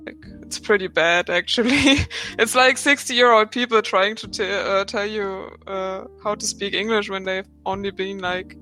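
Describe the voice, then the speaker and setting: A woman's voice: medium pitch, fairly even intonation, unhurried, pushed and bright, faint music behind. A woman in her twenties from Germany with a German accent, a podcast guest chatting casually with many fillers and laughs. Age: 20s. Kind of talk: casual chat.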